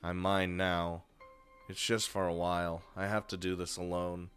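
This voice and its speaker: A man voicing a calm, detached teenage girl from a game, speaking flat, soft and deadpan, low and hushed. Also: moderate pace, clear, resonant tone, faint music behind.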